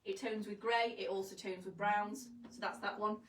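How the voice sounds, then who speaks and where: A chatty woman hosts a live fashion vlog from a shop studio, joking and poking fun at herself as she shows off clothes. Her voice sits at a middle pitch. It is picked up from a distance in a roomy space, with a faint hum underneath. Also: fairly even intonation, normal speed, fairly bright tone. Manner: chatty, jokey and self-mocking.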